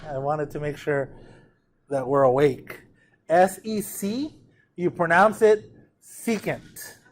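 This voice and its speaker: A man teaching trigonometry to a classroom, checking in with students and having them repeat terms aloud. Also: on the high side. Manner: drills pronunciation, asks the class to repeat; frequent check-ins with students. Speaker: math teacher. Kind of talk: classroom lecture.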